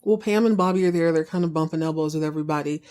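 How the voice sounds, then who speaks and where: A woman's voice: low voice, rapid-fire, clean tone. Chatty woman recapping a show. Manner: chatty, animated retelling with acted quotes and asides. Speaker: podcast host recapping a TV drama. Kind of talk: casual chat recap.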